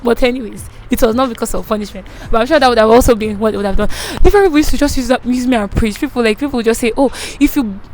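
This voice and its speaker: A woman's voice: fairly high pitch, rapid-fire, few pauses, darkish tone, slight background noise, low-quality recording. A young woman from Nigeria with a Nigerian accent, telling a dramatic school story to her channel viewers. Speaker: vlogger. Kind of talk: storytime vlog.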